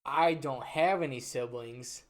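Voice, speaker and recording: Young man, podcast co-host, casual chat, hesitant, skeptical, dry, mid pitch. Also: unhurried.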